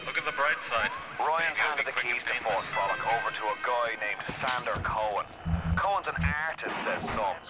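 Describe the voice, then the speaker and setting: An actor playing a calm male radio ally who guides the player in a video game, talking in an encouraging way. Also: mid-range voice, moderate pace, over loud music, close to an everyday voice, rough recording.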